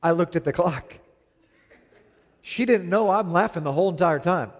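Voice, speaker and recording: A middle-aged man preaching to a congregation, with a fairly high voice for a man. He tells stories in an animated way and acts out both sides of an argument. His voice rings with the long reverb of a large hall. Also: normal speed. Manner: animated storytelling, acting out both sides of a quarrel. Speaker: pastor. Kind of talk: sermon.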